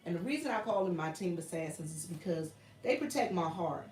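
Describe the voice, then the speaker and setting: A woman's voice: lowish voice, animated, a little fast, darkish tone, roomy sound, distant mic, a little hiss or hum, low-quality recording. A woman with a Southern US accent hosting a casual livestream chat from her workshop, earnest and repetitive, calling her viewers y'all. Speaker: YouTube livestream host. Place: home workshop with a printer running.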